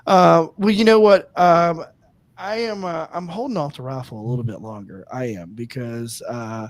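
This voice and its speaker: A man's voice: on the high side, moderate pace, no room sound. A man co-hosting a casual live-stream chat, rambling with lots of fillers and restarts and laughing easily. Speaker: co-host.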